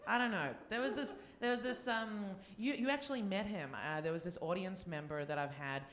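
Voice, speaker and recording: A woman's voice: mid-range voice, a little fast, reverberant. A woman comedian hosting a live podcast on a theater stage, joking and laughing at herself. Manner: laughing, joking, self-deprecating. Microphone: stage microphone.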